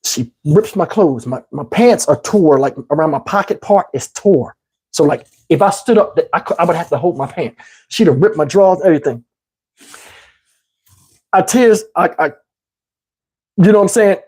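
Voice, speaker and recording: A man in his fifties hosting a livestream, telling a story casually and profanely, animated and rambling with many restarts. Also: on the high side, normal speed, long pauses, husky. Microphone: wearing a microphone.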